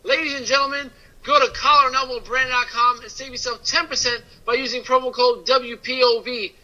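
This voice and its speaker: A man's voice: very high voice, fairly even intonation, brisk, sharp tone, highs cut off. A man co-hosting a casual podcast in a playful, mock-outraged way. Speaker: podcast co-host. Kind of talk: casual chat and ad read.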